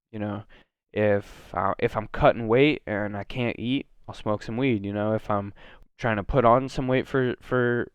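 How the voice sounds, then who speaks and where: A man's voice: on the low side, clean tone, no echo, highs cut off. A man from Oregon talking casually on his solo podcast, rambling with lots of fillers, restarts and self-corrections. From Oregon, USA. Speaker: podcast host.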